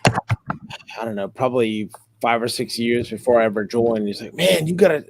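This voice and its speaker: Animated joking middle-aged man. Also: mid-range voice, moderate pace, a little hiss or hum. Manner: animated, joking, acts out quotes. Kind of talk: casual storytelling.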